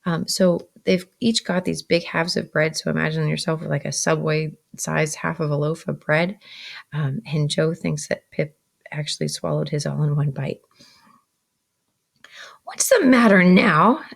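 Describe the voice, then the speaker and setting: Gravelly woman reading a novel to students. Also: deep voice, level tone, moderate pace. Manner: explains words between passages with fillers. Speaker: teacher.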